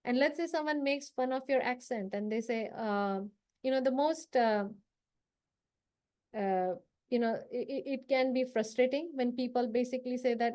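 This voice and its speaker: A South Asian woman trainer leads a live confidence workshop, her voice fairly high and a little mellow at a moderate pace. She coaches conversationally, acting out short workplace lines and checking in to ask the audience whether they agree.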